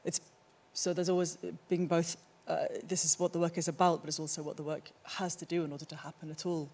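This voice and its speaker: A woman's voice: sits low, little pitch movement, a little fast, a little mellow. Thoughtful woman presenting her art. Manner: thoughtful, searching for words. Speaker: artist presenting her work. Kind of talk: conference talk. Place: theatre stage.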